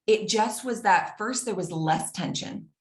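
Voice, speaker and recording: A woman telling a personal story in an earnest, animated way, acting out bits of dialogue as she talks. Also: medium pitch, unhurried. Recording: echoey room.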